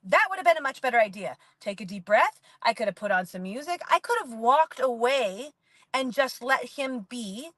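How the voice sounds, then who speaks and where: A woman's voice: a little high, animated, moderate pace, a bit bright, no echo. A woman in her forties talking candidly about parenting in a casual, rambling monologue, full of "like". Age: 40s. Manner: rambling and candid, heavy use of "like". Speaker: parenting vlogger.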